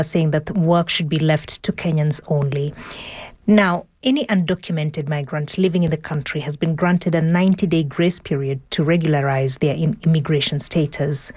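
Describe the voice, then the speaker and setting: Low-voiced woman news presenter. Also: no echo. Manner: steady, clear, scripted delivery.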